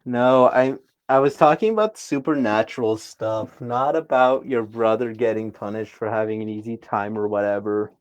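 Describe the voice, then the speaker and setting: A young man hosting a casual podcast, goofy and quick to laugh, putting on an exaggerated persona voice. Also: fairly low pitch, steady tone, clean tone, highs cut off. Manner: giggly, goofy, breaks into laughter often; adopts a deliberately exaggerated persona voice. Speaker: podcast host.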